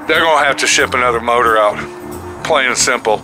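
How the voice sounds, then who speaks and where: In a rough recording, a mechanic hosts a casual vlog walkthrough of his car shop, his mid-range voice brisk. He rants angrily and curses in exasperation while music plays underneath.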